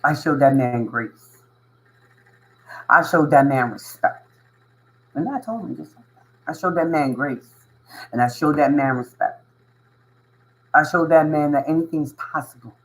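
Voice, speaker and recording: Earnest man with a slightly high voice. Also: a little slow, pauses often, fairly bright tone, rough recording. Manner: emphatic and repetitive, with frequent chuckles and "you know what I mean"; earnest and emotional. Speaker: spiritual channel host. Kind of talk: casual motivational monologue to viewers.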